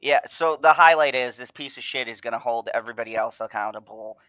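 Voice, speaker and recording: Here the fan podcast host talks fast, his mid-range voice bright and forceful as he rants with lots of profanity and stumbling restarts. There's no room sound, just the dull, dry character of a home microphone.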